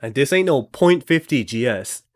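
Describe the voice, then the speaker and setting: A man's voice: medium pitch, expressive, normal speed. A young man in casual chat, telling a dream with lots of fillers and acted quotes. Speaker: storyteller.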